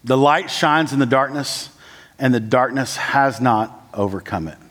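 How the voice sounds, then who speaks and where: A man, a church planting resident, preaches a sermon full of "uh" and "like" fillers, shifting between raised, urgent lines and low, slow, quiet ones. The recording carries a long church-hall reverb.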